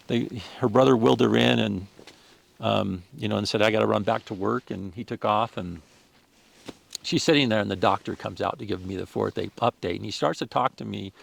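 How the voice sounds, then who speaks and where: Gravelly-voiced man telling a personal story. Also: on the low side. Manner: earnest, emotional, with frequent restarts. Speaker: podcast guest.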